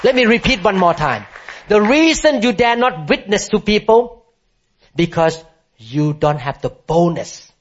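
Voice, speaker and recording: A man who moved to the country as an adult, preaching a sermon emphatically and asking the congregation questions. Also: high-pitched. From immigrant to the country where he preaches. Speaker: pastor. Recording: muffled lo-fi sound.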